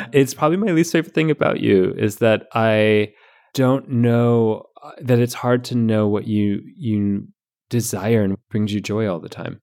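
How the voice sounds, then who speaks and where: A man hosting a podcast, a psychologist chatting playfully with his sister, often halting and restarting. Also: fairly low pitch, creaky, darkish tone. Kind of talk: casual chat.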